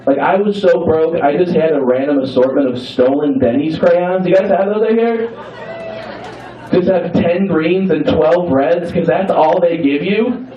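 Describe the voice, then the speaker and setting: A man's voice: on the high side, distant mic. A young man doing a stand-up comedy set in a club, playful and teasing with the crowd, swearing freely. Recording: roomy club sound from afar, dull. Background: audience laughter.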